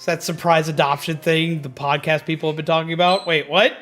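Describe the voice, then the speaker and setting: A man's voice: on the high side, brisk. A man streaming a video game, ranting in casual commentary with lots of swearing. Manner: animated, profane ranting. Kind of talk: casual gaming livestream commentary. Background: faint background music.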